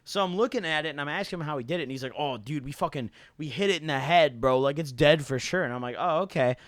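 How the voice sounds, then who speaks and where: A man's voice: a little high, quick pace, a bit bright, no echo. A young man telling a rambling, slang-heavy story to his viewers, full of "like" and "dude" and casual swearing. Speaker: YouTuber.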